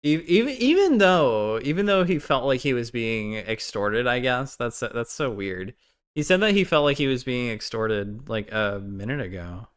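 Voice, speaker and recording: Blunt, lively-voiced male streamer. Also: mid-range voice, normal speed, clean tone. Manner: blunt, profane, rambling, trails off and restarts. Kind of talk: live-stream reaction commentary.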